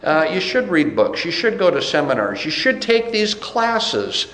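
A man's voice: on the high side, very animated, measured pace, fairly bright tone. A man preaching a sermon as pastor, emphatic and repeating phrases for stress. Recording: roomy echo.

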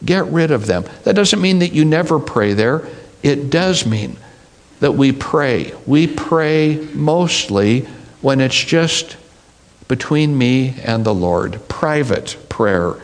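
A middle-aged man preaching a sermon, teaching in an unhurried, deliberate way. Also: mid-range voice, lively intonation. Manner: slow, deliberate preaching with mimicked voices. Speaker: pastor.

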